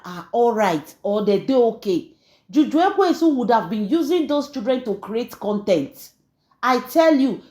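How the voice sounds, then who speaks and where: A woman's voice: a little high, dark tone, roomy sound. A Nigerian woman hosting a gossip channel, talking in a chatty, mocking way as she mixes Pidgin and English in celebrity gossip commentary.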